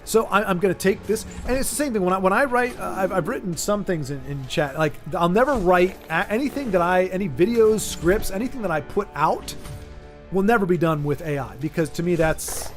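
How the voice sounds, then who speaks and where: A man's voice: high voice, expressive, fairly quick, soft background music. A man hosting a casual chat, rambling and restarting his sentences as he talks through an idea. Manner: rambling, many restarts and repeated words. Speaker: streamer host.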